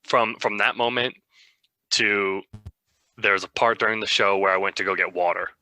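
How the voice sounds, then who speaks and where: A man's voice: lowish voice, fairly even intonation, moderate pace, sharp tone, no echo. A young man co-hosting a podcast, telling a rambling, self-mocking story in a casual way. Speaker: podcast co-host.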